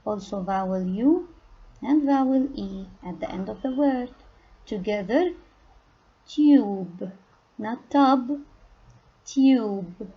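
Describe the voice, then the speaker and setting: A woman teaching a phonics lesson to young children, speaking patiently and stressing each target word loudly. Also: medium pitch, animated, a little slow, breathy edge, lo-fi sound. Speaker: kindergarten English teacher.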